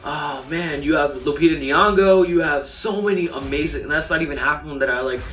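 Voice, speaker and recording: A man's voice: fairly high pitch, brisk, fairly bright tone, recorded from a distance, slight background noise. A young man giving a casual, enthusiastic film review, rambling with lots of fillers and restarts. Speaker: movie reviewer. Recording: roomy, off-mic sound with faint music.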